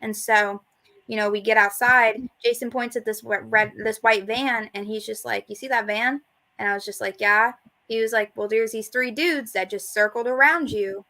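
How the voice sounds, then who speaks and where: A woman's voice: on the high side, steady tone, sharp tone. A woman, co-hosting a casual live talk show and telling stories in a chatty, joking way. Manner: chatty, joking storyteller, quick to laugh. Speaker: show co-host.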